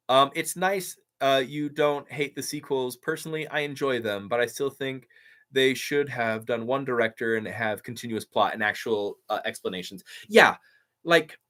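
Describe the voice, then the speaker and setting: An upbeat man casually chatting on a live stream and reading out viewer comments. His voice sits at an ordinary pitch, and he talks eagerly and loosely, full of "like" and "um". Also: a bit bright. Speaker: YouTube creator hosting a live stream.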